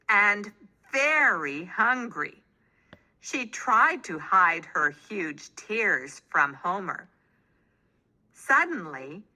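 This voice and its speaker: With a mid-range voice, a woman brings a children's picture book to life, reading it aloud in an expressive storytelling style.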